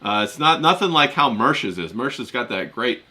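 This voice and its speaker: A man hosting a relaxed podcast stream, reading out messages from the live chat. He talks loosely with plenty of fillers, and his voice is bright and sharp at a mid pitch. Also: moderate pace. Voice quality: relaxed, frequent "yeah" and "uh" fillers. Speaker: podcast co-host.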